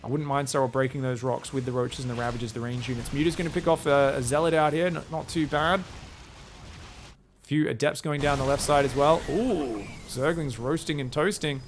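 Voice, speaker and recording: A young man casting a live game match in an excitable, jokey way, with bursts of shouting during the fights. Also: mid-range voice, fairly quick, a little hiss or hum. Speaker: esports caster.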